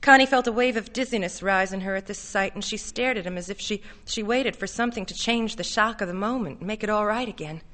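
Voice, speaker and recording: A woman giving a measured, steady reading of a literary short story. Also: medium pitch. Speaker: reader.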